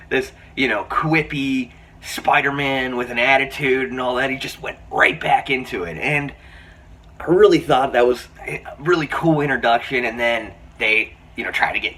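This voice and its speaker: A man giving a casual spoken film review, retelling scenes in an excited, rambling way with many restarts. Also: mid-range voice, husky. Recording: slightly distant mic, faint room hiss.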